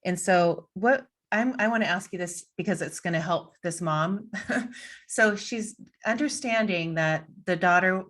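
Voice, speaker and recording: Chatty lower-voiced woman host. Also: measured pace, a bit bright. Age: middle-aged. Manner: chatty, rambling, laughs easily. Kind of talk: casual chat.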